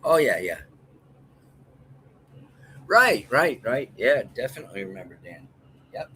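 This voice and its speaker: A man's voice: mid-range voice, sing-song, unhurried, sharp tone, slight background noise, rough recording. An older man chatting casually as a guest, rambling through jokey stories and laughing often. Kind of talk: casual livestream chat.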